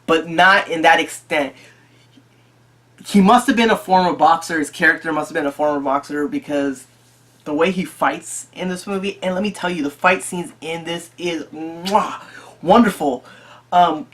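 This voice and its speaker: Excitable movie reviewer who repeats themselves. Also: mid-range voice. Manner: excitable, repeats and restarts phrases. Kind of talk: casual spoken movie review.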